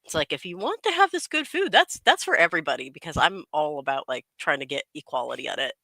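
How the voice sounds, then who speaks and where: A producer hosts a casual, playful chat and laughs often. The voice is bright and lively, with a dry, close sound from a video call. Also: mid-range voice, quick pace, creaky, dry recording. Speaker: producer and host. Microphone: remote video call.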